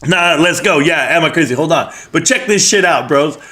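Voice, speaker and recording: Brash, bright-voiced middle-aged man streaming. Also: fairly high pitch, moderate pace. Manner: brash, joking, profane banter answering chat. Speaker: live stream host. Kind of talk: casual live stream chat. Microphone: streaming microphone.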